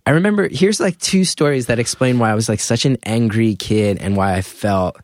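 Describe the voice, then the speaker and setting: A man, a comedian guest, telling candid stories in a rambling way, full of "like" and animated retellings. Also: mid-range voice, a little fast, no echo, clean studio sound. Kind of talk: candid storytelling.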